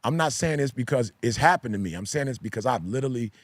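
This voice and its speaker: With lively intonation and a mid-range voice, a pastor who also hosts a podcast talks fast in a laid-back discussion. He hammers home points by repeating key phrases like a preacher, captured in a dry recording.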